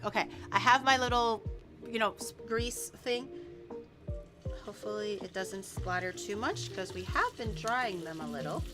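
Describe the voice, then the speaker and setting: A woman streamer chatting casually while she cooks, playfully indignant as she bickers with her chat. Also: mid-range voice. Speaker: streamer cooking on camera. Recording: background music under voice.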